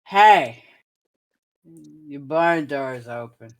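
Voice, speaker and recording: A woman's voice: deep voice, expressive, extremely slow, full character voice. Woman doing a slurring, giddy drunk adventurer. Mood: befuddled.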